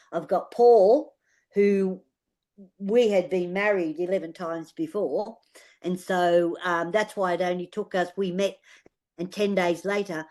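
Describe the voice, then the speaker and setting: A woman's voice: on the low side, dark tone. Older Australian woman telling a heartfelt story. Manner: earnest, heartfelt, repeats phrases, uses fillers. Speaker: guest, aura healer. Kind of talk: personal storytelling in an interview.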